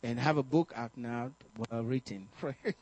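A man telling a testimony in a sermon, animated and often laughing and shouting. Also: mid-range voice, measured pace. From Nigeria. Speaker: preacher.

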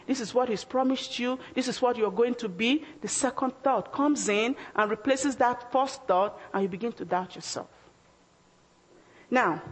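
A high-pitched woman delivers a sermon, pressing her points with emphatic exhortation. She acts out the doubting questions of her listeners. Her voice rings with the long reverb of a church hall. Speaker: preacher.

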